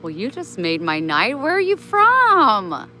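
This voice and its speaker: A woman on a casual live stream who talks slowly and gently, with a bright, forward voice. She speaks kindly and motherly to her viewers and her pets. Faint outdoor noise sits behind her. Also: on the high side, wildly swooping pitch, rough recording. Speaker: vlogger chatting with live viewers.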